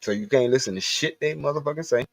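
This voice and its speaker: A man's voice: mid-range voice, quick pace, vocal fry, no echo. A man from the Southern US giving a profane, blunt, rambling rant on a livestream. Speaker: livestream host. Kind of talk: casual ranting monologue.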